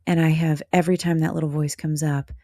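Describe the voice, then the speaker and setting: A woman's voice: sits low, level tone, fast, mellow, no room sound, studio quality. A woman hosting a reflective podcast monologue, speaking candidly and directly to the listener in a motherly, blunt way. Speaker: podcast host.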